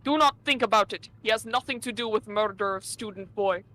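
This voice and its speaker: A woman's voice: mid-range voice, fairly quick, sharp tone, slight background noise, close to an everyday voice, poor audio. A woman voicing a blunt male Russian ship steward in a put-on Russian accent, dropping little words as she reads a game's lines. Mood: gruff. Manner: drops articles, curt. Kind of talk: game dub read-along.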